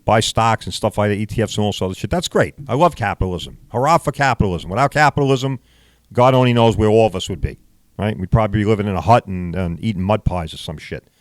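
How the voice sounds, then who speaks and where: A man's voice: on the low side, quick pace, dry recording. Blunt profane older man ranting. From New York. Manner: blunt, profane, rhetorical, talks straight to listeners. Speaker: podcast host. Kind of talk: profane casual rant.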